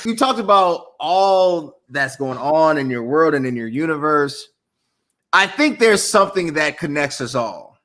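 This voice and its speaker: A man's voice: on the high side, expressive, a little slow, a bit bright. A man hosting an interview, encouraging and affirming his guest with short agreements. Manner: encouraging, affirming, chuckles often. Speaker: interview host. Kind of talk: casual interview chat.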